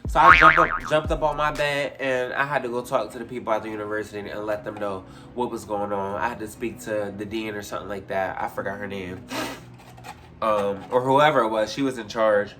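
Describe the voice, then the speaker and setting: A young man casually telling a story, profane and animated, jumping high in pitch when he acts out scenes. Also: fairly quick, background noise. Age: young adult. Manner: animated, profane, retells with big pitch jumps.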